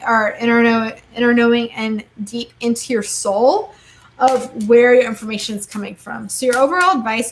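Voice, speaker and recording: A young woman reading tarot cards in a casual live-stream chat, quick and chatty, saying "like" and "okay?" a lot. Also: a little high. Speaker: tarot card reader.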